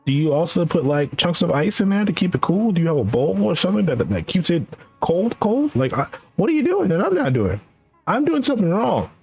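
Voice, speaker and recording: A young man streaming, telling a rambling, animated story in casual chat and laughing often. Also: high voice, fast talker, creaky, husky, faint music behind. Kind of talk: casual chat while gaming.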